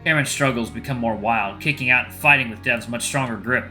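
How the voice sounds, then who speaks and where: A male let's play host reads a visual novel aloud, telling the story at a steady pace. His voice is very bright, with a mid-range pitch. Light music plays faintly behind him. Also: a little fast.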